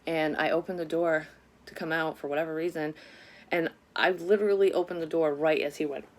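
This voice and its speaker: A woman with a deep, low voice recounts a personal memory in a casual vlog. She swears freely and rambles, often correcting herself as she goes. Her delivery stays candid and unpolished throughout. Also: steady tone, a little fast, a little hiss or hum. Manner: candid and profane, with frequent swearing; rambling, self-correcting recollection. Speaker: psychic medium vlogger.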